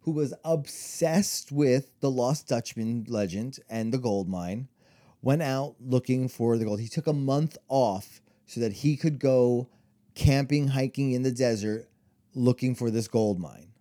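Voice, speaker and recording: A man's voice: mid-range voice, measured pace, dark tone. A man co-hosting a podcast, telling a story in casual chat, rambling with lots of fillers and restarts. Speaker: podcast co-host.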